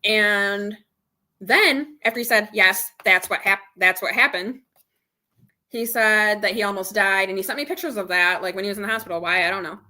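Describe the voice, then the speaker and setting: Bright-voiced woman chatting on a live stream. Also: medium pitch, fairly quick. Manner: candid storytelling, retelling an argument with quoted dialogue. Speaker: channel host. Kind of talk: casual live chat with viewers.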